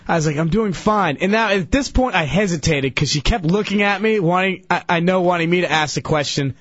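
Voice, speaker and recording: A man on a radio talk show telling a story loudly and excitedly, acting out the people in it. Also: a little high, normal speed, dry recording, highs cut off. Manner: loud, excitable, acts out the people in his story.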